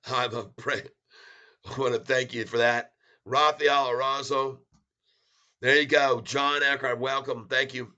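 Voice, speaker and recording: A man's voice: medium pitch, fairly even intonation, unhurried, pauses often, pushed and bright. A man hosting a long stock market livestream, chatting casually and rambling as he thanks viewers by name. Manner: tries broken French and Spanish.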